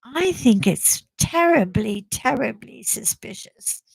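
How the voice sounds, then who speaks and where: Lady doing a posh english accent, prim and suspicious, slow and kinda high. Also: lively intonation, gravelly, slightly rough, dry recording, exaggerated voice, low-quality recording.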